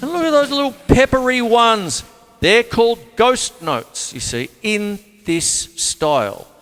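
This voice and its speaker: A man's voice: very high-pitched, big pitch swings, unhurried, over loud music. A man from Australia giving a chatty, rambling drum lesson, counting beats aloud as he plays a kit. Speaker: drum teacher. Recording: long hall reverb, drums playing loudly.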